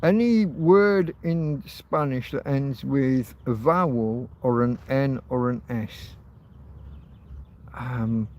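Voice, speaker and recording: Slow, rambling man thinking aloud. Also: medium pitch, darkish tone. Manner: meandering, thinks aloud with many ums and restarts. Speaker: livestream host. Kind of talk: rambling casual livestream chat. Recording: faint background noise.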